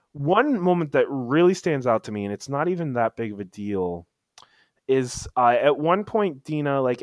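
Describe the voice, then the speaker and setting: A man's voice: mid-range voice, dry recording, studio quality. A man chatting casually as a podcast co-host, telling a story with lots of restarts and emphatic bursts. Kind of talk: casual chat.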